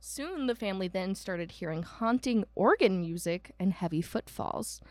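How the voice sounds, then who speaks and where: A young woman tells a haunted-house story in a chatty, rambling way, full of "um"s and side comments. Her voice sits at a middle pitch and is recorded close and dry, with no room sound. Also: lively intonation, moderate pace, dry recording. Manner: chatty storyteller, many "um"s and asides, mock voices for quoted people. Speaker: podcast co-host. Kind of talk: casual chat about a haunted house.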